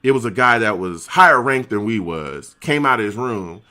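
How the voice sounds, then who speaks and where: Animated man telling a slangy story. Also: fairly low pitch, moderate pace. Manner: animated, slangy, laughs often. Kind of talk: casual storytelling.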